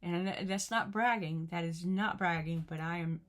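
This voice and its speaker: A woman's voice: fairly low pitch, moderate pace. A middle-aged woman, giving an earnest, chatty motivational talk to the camera and repeating her phrases. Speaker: vlogger.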